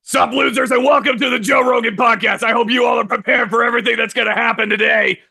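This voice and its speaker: A man playing a brash, loud male podcast host, done in a hot-headed anime character's voice. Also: very high-pitched, steady tone, fast talker, vocal fry, slightly rough, pitched above the performer's own voice, exaggerated voice. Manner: brash, shouty announcing.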